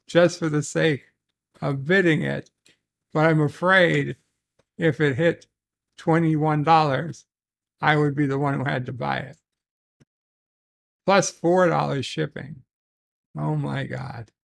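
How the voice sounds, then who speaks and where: A man with a gravelly, creaky voice, pitched a little high for a man, reads viewer letters aloud on a casual solo stream. He talks very slowly, trips over his words and drops into muttered asides. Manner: slow, halting, with frequent restarts and muttered asides. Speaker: host reading viewer messages. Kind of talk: casual solo livestream chat.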